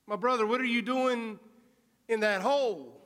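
A man's voice: very high-pitched, normal speed, a bit bright, pitched above the performer's own voice. A preacher voicing a confident middle-aged religious leader speaking to a man in a hole. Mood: assured. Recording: reverberant hall.

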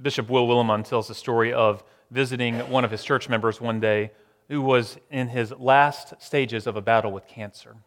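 Middle-aged male pastor, sermon delivery, dynamic swings from loud to near-whisper. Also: medium pitch, fairly even intonation, long reverb tail. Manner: dramatic pauses, swings from loud to hushed.

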